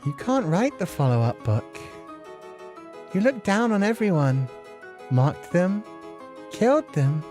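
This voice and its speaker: A woman playing a younger sister from a dark visual novel, who speaks sweetly while her words turn cruel. The voice sits a little low for a woman, and soft game music plays underneath. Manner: sweet yet menacing, calls him Oni-chan. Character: cold doting younger sister, girl. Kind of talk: voicing visual novel lines.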